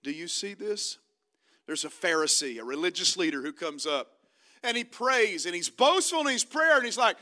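A man preaching a sermon, retelling stories with dramatic swings between loud emphasis and hushed, quiet quoted lines. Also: sits high, lively intonation, moderate pace.

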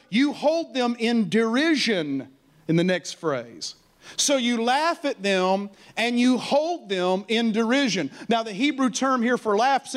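High-voiced animated male preacher. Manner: animated preaching with call-and-response; mocking stammer and high laughing voices for effect. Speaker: pastor. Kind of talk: sermon.

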